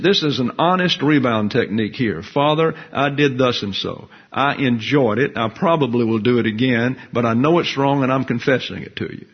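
A man delivers a Bible teaching sermon in a steady, emphatic way. His voice is a little husky and sits at an ordinary pitch. The recording sounds dull and lo-fi. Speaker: pastor.

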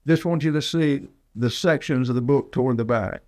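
A man's voice: medium pitch, moderate pace, darkish tone, dry recording. A man in his eighties from Alabama, preaching a sermon in a folksy, rambling way. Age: 80s. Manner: folksy, digressive storytelling. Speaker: pastor.

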